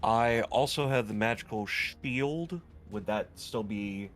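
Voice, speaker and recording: A man's voice: lowish voice, slow pace. A man playing in a tabletop game, checking the rules with questions. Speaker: player.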